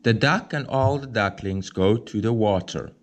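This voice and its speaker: A man reading a children's picture book aloud, slow, clear and expressive. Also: fairly low pitch. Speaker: storybook reader.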